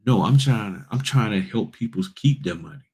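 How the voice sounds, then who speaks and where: Deep husky guy on a livestream, blunt and folksy, talking straight to the chat. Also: brisk. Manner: blunt, folksy and animated, often addressing viewers as y'all. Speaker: notary public and livestream host. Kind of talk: casual livestream talk to viewers.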